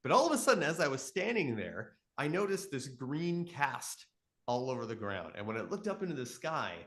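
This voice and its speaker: A man in his thirties from Canada explains astronomy in a live Q and A. His pitch swings widely, rising and falling as he tells stories with enthusiasm. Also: normal speed. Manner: enthusiastic storytelling, animated voices in quotes. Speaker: astronomy educator.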